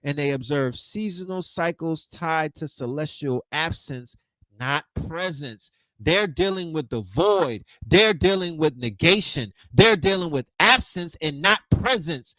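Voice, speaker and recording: A man hosting an online lecture, telling stories in an animated, slangy, profane way, acting out quotes and restarting his sentences. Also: a little high, unhurried, no room sound, poor audio. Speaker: lecture host. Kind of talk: casual storytelling lecture.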